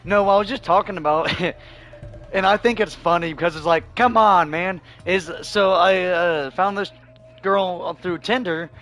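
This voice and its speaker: A man streaming a video game, chatting casually and telling rambling stories, his voice going hoarse. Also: high voice, steady tone, measured pace, a bit bright, soft background music. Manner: loose rambling storytelling, laughs often, swears freely. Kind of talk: casual livestream chat while gaming.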